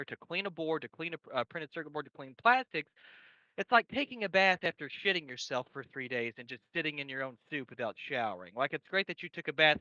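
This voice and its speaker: A man's voice: fairly high pitch, bright, forceful tone, no room sound. A man explaining electronics cleaning in casual chat, rambling with frequent restarts and crude jokes, on a dull lo-fi recording. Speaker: electronics repair guest. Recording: dry, dull lo-fi sound.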